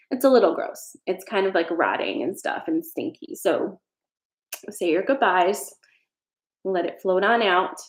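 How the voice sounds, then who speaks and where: A woman's voice: medium pitch, reverberant. A woman doing a casual tarot reading on a live stream, earnest and reassuring, with some frank swearing. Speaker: tarot reader.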